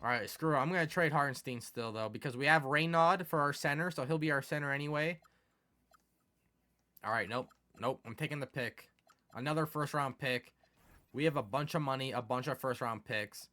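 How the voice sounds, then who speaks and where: A young man giving casual commentary over a sports video game, excitable and quick to turn exasperated. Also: mid-range voice. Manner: excitable, swings from mumbling to exasperated yelling. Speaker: gaming commentator.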